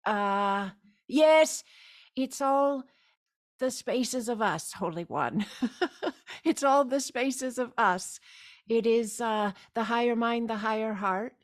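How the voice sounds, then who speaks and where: A woman's voice: a little high, takes it slowly. A woman hosting a spiritual gathering over a video call, stretching out her vowels and breaking in often with emphatic cries of yes. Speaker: spiritual teacher hosting a group meeting. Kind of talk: slow meditative spiritual talk.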